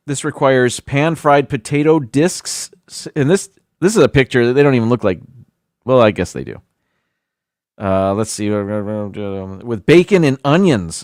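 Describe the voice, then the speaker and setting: Male streamer, casual and animated, reads a list with offhand jokes; dry close mic. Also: medium pitch, no echo. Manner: chatty, self-deprecating, stumbles over foreign words. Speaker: livestream host. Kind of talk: casual livestream chat, reading a list aloud.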